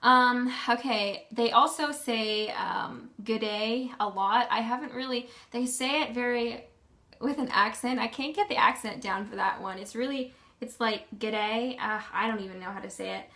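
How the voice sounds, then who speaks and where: A woman's voice: on the high side, moderate pace, gravelly, sharp tone. A young woman vlogging in a casual, rambling way, full of ums and self-corrections. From Canada. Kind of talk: casual chat.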